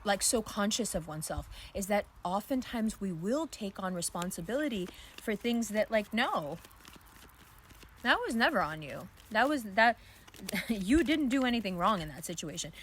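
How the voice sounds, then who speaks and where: Woman, casual astrology card reading, candid, filler-heavy chatter, mid-pitched voice, outdoors. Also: slight background noise.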